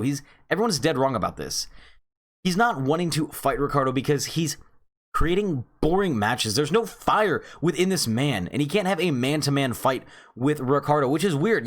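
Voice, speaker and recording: A man reviewing a comic chapter in a casual recap, telling the story with animation and calling his viewers friends. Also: medium pitch.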